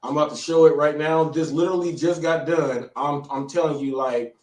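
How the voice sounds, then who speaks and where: A shaken American man talks fast in bursts, stammering and repeating words while he catches his breath. His voice sits a little high and sounds set back from the mic, in an echoey room. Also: fairly even intonation, a little mellow, recorded from a distance. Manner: breathless, repetitive, stammering restarts. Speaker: live show host. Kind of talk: excited live-stream storytelling.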